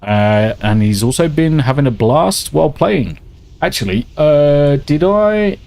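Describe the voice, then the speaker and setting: A man's voice: a little high, lively intonation, a little slow, vocal fry, darkish tone. A man chatting casually and swearing a lot while he streams a game and reads out viewer messages. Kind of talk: casual gameplay chat.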